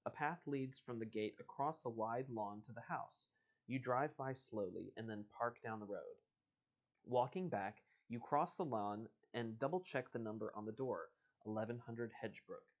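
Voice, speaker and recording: On a livestream, a man reads an interactive adventure book aloud in a casual, playful way, chuckling and tossing in playful asides as host and reader. His mid-range voice moves at normal speed, and the recording sounds muffled.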